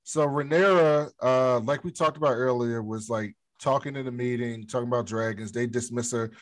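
A man's voice: medium pitch, moderate pace, dry recording. A young adult man with an African American English accent, co-hosting a casual show recap in a laid-back, rambling way. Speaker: podcast co-host.

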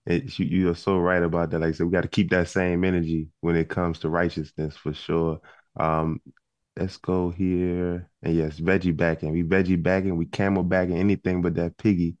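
A man's voice: sits low, little pitch movement, normal speed, a little mellow, no room sound. A man hosting a group call, moderating in an easygoing way as he calls on speakers by name, heard through dull, muffled call audio.

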